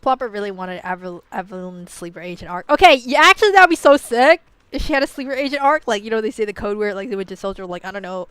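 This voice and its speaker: Young woman streamer, loose playful ramble, laughs a lot, light profanity, smooth tone, dry close mic. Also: medium pitch, lively intonation, fast talker, a bit bright, no room sound. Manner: rambling, laughs often, heavy "like" and "you know" fillers. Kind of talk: casual rambling commentary.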